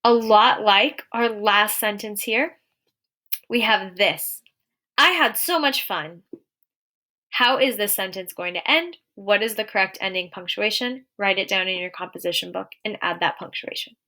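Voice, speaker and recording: A young adult woman teaching a recorded lesson to young children, clear and encouraging, slowing down to read example sentences aloud. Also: mid-range voice, steady tone, sharp tone.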